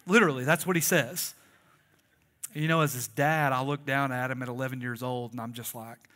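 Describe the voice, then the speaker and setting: A man's voice: medium pitch, steady tone, a little fast, a bit bright. A man preaching a sermon, conversational and joking and calling on the congregation to respond. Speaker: pastor.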